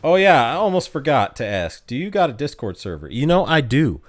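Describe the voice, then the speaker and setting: A man's voice: medium pitch, very animated, a little fast. An American man streaming a mobile game, reading chat aloud and joking about his own pronunciation. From United States. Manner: reads chat aloud, joking, playfully self-deprecating. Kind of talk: casual live-stream chat.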